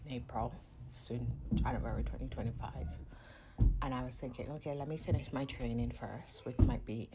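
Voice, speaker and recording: A woman's voice: extremely low pitch, fairly even intonation, moderate pace, very noisy. A woman in her thirties telling a candid, reflective personal story in a casual vlog at home. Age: 30s. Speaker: vlogger.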